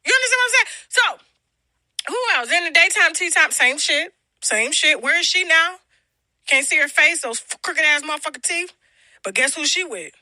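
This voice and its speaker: A woman gossip blogger rants straight to her audience, blunt and profane, slipping in quick impressions of the people she talks about. Her voice sits very high and cuts through sharply, and the sound is close and dry with no room around it. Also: expressive, bright, forceful tone, dry recording. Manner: blunt, brash and heavily profane, acting out others' lines. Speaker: celebrity gossip blogger and channel host. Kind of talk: casual profane rant to camera.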